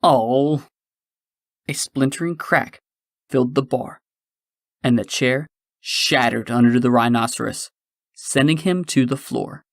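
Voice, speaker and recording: A man narrating a science-fiction audiobook in a measured storytelling manner. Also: medium pitch, no room sound, clean studio sound. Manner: measured storytelling, shifting into character voices.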